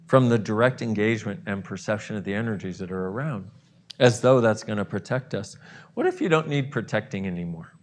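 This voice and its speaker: Animated man leading a guided visualization. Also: on the low side. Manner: animated, acts out exclamations and gasps, swings from soft to loud.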